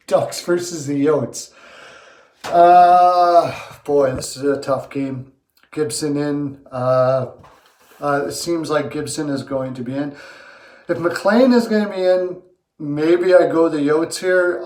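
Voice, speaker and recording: A man hosting a sports picks video, talking in a playful, self-mocking, rambling way from his bathroom. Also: on the high side. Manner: playful, self-mocking, animated swings in loudness. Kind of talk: rambling comic monologue. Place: small bathroom. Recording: echoey small room.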